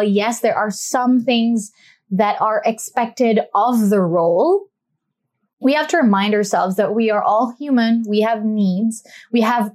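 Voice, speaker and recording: A young adult woman hosting a talk show, speaking in an earnest, chatty way and slowing down to stress her points. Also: a little high, darkish tone. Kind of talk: casual reflective talk.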